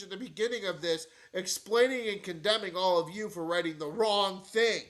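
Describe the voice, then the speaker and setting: High-voiced ranting stream commentator. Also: male voice, animated, moderate pace, a bit bright. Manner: swinging between mocking rants and low mutters, heavy swearing. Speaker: live-stream news commentator. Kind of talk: profane live-stream commentary.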